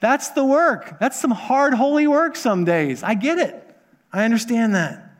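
A man with a high-pitched voice preaches a sermon to his congregation. He speaks earnestly and circles back on key phrases to drive them home. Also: lively intonation, measured pace, long reverb tail. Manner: earnest, repeats phrases for emphasis. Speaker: pastor.

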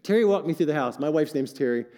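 Older man, pastor, sermon, high pitch, long hall reverb, animated asides. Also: fast talker. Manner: animated, joking asides to the congregation.

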